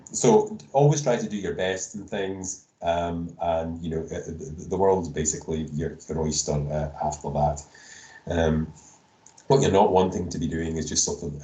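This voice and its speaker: A university lecturer gives new students a casual induction lecture, rambling with many fillers and restarts and slipping in jokes. His voice sits low with a dark tone. It's an online meeting recording through a computer mic on a video call, low in quality and echoey.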